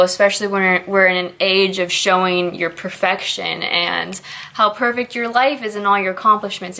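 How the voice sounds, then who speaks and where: A woman's voice: mid-range voice, a bit bright. Rambling, candid woman vlogger. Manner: rambling, candid, laughs often. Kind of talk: casual confessional vlog chat.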